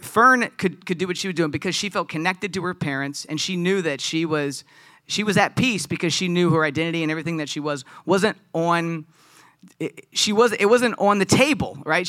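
Earnest, bright-voiced male pastor preaching. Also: fairly high pitch, dry recording, clean studio sound. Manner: conversational, earnest, with frequent restarts. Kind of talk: sermon.

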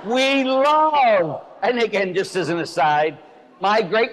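A man, a Catholic priest, giving a blunt, animated, joking sermon to his listeners. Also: sits high, a little slow. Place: church. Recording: echoey church hall.

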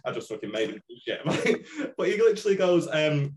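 A man's voice: fairly high pitch, fairly quick. Swearing man telling stories. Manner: swears constantly, energetic storytelling. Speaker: comedian guest. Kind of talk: casual chat.

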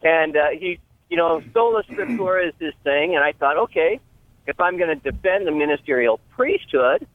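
A man calling in to a radio show with a hesitant question, full of pauses and fillers, heard over a phone line. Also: a little high, lively intonation, a little hiss or hum. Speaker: caller.

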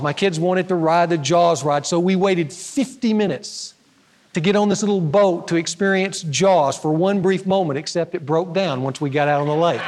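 A male pastor delivers a sermon with a fairly high voice, moving between lively, loud storytelling and quiet, emphatic moments. His voice carries a long reverb, as if recorded live in a church sanctuary. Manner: storytelling with humor, animated swings in pitch and loudness.

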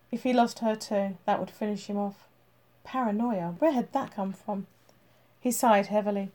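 A woman narrating a crime novel as an audiobook, with steady, even storytelling. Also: mid-range voice.

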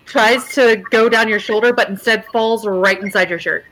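A woman's voice: a little high, normal speed, a bit bright, faint music behind. A woman narrating a tabletop game as game master, casual and rambling. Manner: casual, rambling with fillers, laughs easily.

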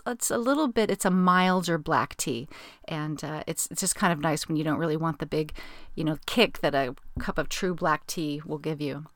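A woman's voice: on the low side, a bit bright, no room sound, studio quality. A woman hosting a podcast, chatting casually and rambling with lots of fillers. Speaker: podcast host. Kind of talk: casual chat.

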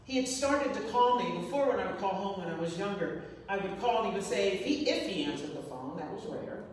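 A woman's voice: medium pitch, lively intonation, brisk, darkish tone, a little hiss or hum. A woman telling a personal story in an earnest, reflective way, often repeating phrases for emphasis. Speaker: speaker sharing a personal story. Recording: echoey hall, voice from far off.

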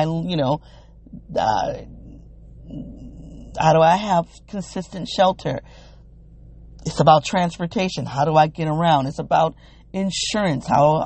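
A woman hosting a solo wellness podcast, thinking aloud in a halting, searching, emotionally open way. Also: low-pitched, gravelly, a little mellow. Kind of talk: reflective solo podcast monologue.

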